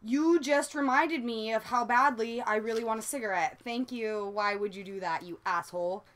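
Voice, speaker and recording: A chatty young woman with a Southern Californian accent, her voice sitting a touch high. She rambles casually from point to point, peppering her talk with "like" and the odd swear word, as she confesses things in a relaxed vlog. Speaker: vlogger.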